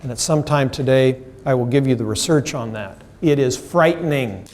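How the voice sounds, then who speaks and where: A man's voice: medium pitch, moderate pace, a little mellow. A middle-aged man giving a professional development lecture to a seminar audience, emphatic and full of questions to the room, acting out the people he quotes. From United States. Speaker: seminar presenter.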